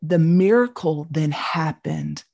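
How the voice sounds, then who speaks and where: A middle-aged woman teaching a Bible study, telling the story with animated voices for the people in it. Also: low voice, slow.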